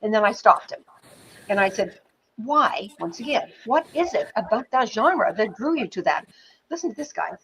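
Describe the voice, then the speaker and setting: A middle-aged woman, a film producer and pitching teacher, telling anecdotes in an interview in an animated, chatty way with many fillers. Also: moderate pace, slight background noise, poor audio. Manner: animated storyteller, many fillers like "you know", occasional swearing.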